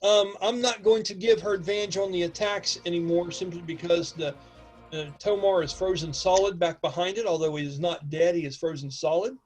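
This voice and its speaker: A man with a high voice narrates a tabletop game as its game master. He talks in an animated way, counting out ranges and firing off quick asides to his players, with faint music under him. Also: rough recording.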